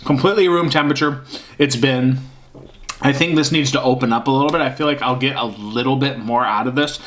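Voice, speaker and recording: A man's voice: medium pitch, brisk, a bit bright, slight background noise. A man casually reviewing a beer on camera, rambling and hunting for words with lots of fillers. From Michigan.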